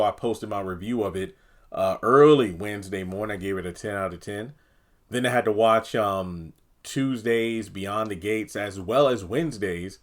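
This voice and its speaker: Exasperated man ranting about a TV episode. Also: on the low side. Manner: exasperated, rambling, acts out characters' lines. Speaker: TV review channel host. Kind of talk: casual solo review talk.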